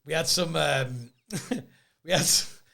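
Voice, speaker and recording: A man in his fifties hosting a podcast, chatty and quick to laugh as he tells stories. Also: on the high side, vocal fry, bright, forceful tone. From England. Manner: chatty storyteller, laughs often. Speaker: podcast host. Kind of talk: casual chat.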